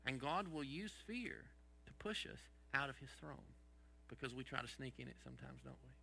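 Man preaching, gravelly voice, sharp and forceful tone, rhetorical questions, folksy sayings. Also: medium pitch, animated, moderate pace, a little hiss or hum. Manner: asks the congregation rhetorical questions. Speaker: pastor. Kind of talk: sermon.

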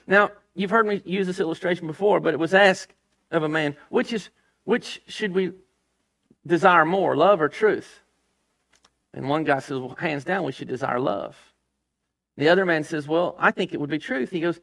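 A man's voice: a little high, normal speed, vocal fry, a bit bright. A man preaching a sermon as pastor, emphatic, reading scripture aloud and dropping his voice for stress.

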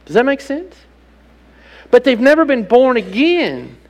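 A man with a high, gravelly voice delivers a sermon from the pulpit. He preaches with emphasis and keeps turning to his listeners with rhetorical questions. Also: big pitch swings, measured pace, highs cut off. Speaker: pastor.

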